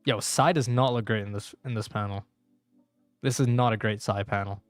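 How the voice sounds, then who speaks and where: A man's voice: on the low side, fairly even intonation, moderate pace, clean tone, no room sound. A young man streaming live and reacting as he reads manga. His talk is slangy and rambling, full of fillers, with faint music behind. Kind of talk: casual live-stream commentary.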